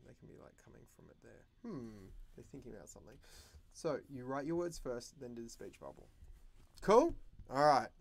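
A man's voice: medium pitch, vocal fry, husky. Playful man teaching kids to draw. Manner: playful, animated, jokey teacher voice. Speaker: drawing teacher and host. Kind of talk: livestream drawing lesson for kids.

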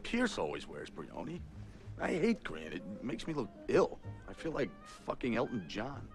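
A man's voice: medium pitch, huge pitch swings, normal speed, creaky, faint music behind. An actor playing a crude, profane male film executive who blusters and swears. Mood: blustering. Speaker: film producer character. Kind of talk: film acting.

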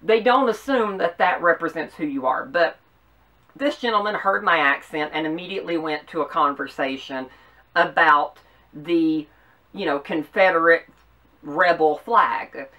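A woman from the American South with a Southern accent, hosting an opinion commentary with earnest, emphatic delivery and measured pauses. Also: low voice, bright, forceful tone, far from the mic. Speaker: host.

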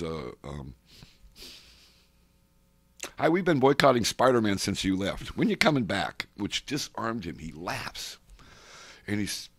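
Deep-voiced older man telling long stories. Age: 60s. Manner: digressive, with many asides and restarts. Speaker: interviewee, comics fan and collector. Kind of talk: rambling oral-history storytelling. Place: convention center interview room.

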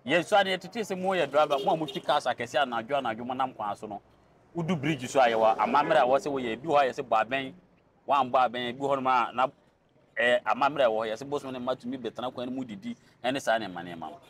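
A man with a Ghanaian accent who interviews the guest, asking long questions and answering with short soft acknowledgements. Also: mid-range voice, fast talker. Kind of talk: casual interview talk.

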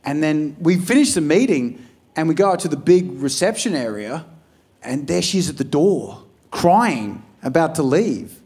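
An Australian man doing a stand-up set, telling stories in a loose, profane, animated way and acting out what people said. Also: a little high, unhurried, slightly rough. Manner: profane, animated storytelling with acted-out quotes. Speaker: stand-up comedian. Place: comedy club stage before a live audience. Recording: live club crowd audible. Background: audience laughter.

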